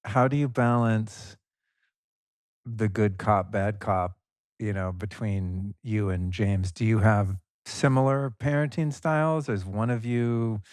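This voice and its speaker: A man with a fairly low voice hosting a podcast. He asks his questions in a relaxed, thoughtful way. The sound is dry and close. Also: slow, no echo. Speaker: podcast host. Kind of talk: casual interview.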